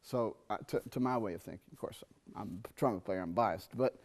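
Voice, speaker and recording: A middle-aged man teaching jazz trumpet in a masterclass, animated, singing rhythms and checking in with students. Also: lowish voice. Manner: animated, sings rhythms and asks students quick questions. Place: university theatre.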